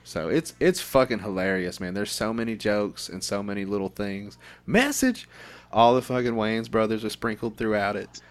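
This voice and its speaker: A man in casual podcast chat, excitedly retelling movie scenes with plenty of swearing. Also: on the low side, normal speed. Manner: profane, excitable storyteller.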